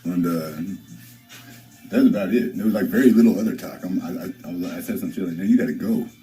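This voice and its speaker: A man's voice: sits low, fast talker, warm tone, soft background music, poor audio. A man livestreaming, telling a story to his viewers in a rambling, profane way, with frequent restarts and repeated phrases. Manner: addresses viewers directly. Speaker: livestreamer answering chat.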